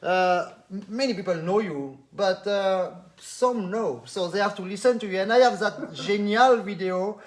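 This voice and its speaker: Man, high voice, live-stream host, chatty, greets viewers. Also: moderate pace, hardly any pauses. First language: French.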